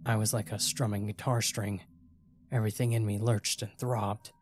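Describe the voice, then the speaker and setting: A man's voice: lowish voice, flat delivery, moderate pace. A man narrating a first-person horror story in a tense, dramatic way.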